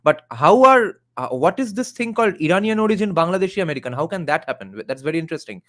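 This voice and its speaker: A man's voice: fairly high pitch, expressive, rapid-fire. A man who hosts a live reaction video, talking in a conversational way and reading viewer comments aloud.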